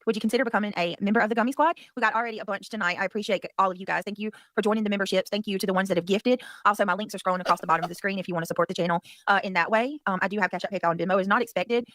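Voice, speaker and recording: Fast-talking Southern woman hosting a livestream. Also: mid-range voice, steady tone, fairly bright tone, dry recording. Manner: rambling, chatty, thanks viewers, mild cursing. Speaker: livestream host. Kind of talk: casual livestream chat.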